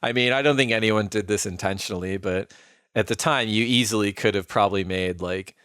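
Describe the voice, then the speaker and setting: A man's voice: on the low side, fairly quick, a bit bright, no echo, clean studio sound. A man co-hosting a podcast, telling stories in a loose, rambling way full of fillers and "like". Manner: rambling, filler-heavy, frequent "like". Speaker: podcast co-host. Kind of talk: casual storytelling chat.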